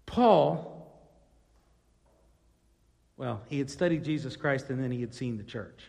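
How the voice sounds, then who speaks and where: Male pastor, high-pitched, sermon delivery that swells to loud rhetorical questions; long church reverb. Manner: swings from quiet asides to loud, emphatic rising questions.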